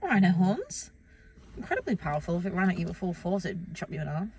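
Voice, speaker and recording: A woman's voice: lowish voice, sing-song, fast, vocal fry, a little mellow, slight background noise. A young woman from Britain co-hosting a casual podcast chat, blunt, teasing and dramatic. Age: young adult. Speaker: podcast co-host.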